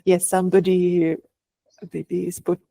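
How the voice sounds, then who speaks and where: A woman interviewing a yoga teacher, asking calm, measured questions. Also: on the low side, vocal fry.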